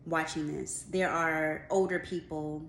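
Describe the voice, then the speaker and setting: A woman in her twenties telling a work story in a casual storytime vlog, animated and full of "like", acting out what others said. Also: deep voice, measured pace. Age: 20s. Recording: roomy room with faint background noise.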